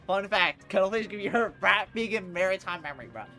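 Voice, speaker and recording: A woman chatting on a live stream, her slangy talk sitting at an ordinary middle pitch. She keeps tossing in "bro" as she riffs between rounds. Game music plays loudly under her voice. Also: a little fast. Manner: slangy and animated, saying "bro" constantly. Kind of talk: casual livestream chatter over gameplay.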